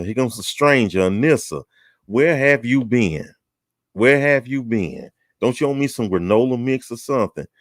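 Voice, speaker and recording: A very deep-voiced man hosts a relaxed chat show, greeting people with folksy teasing. His voice swings up and down a lot, and the sound is dry and close. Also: no room sound. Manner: folksy, teasing, drawling southern talk. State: out of breath. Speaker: host. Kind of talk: casual chat show welcome.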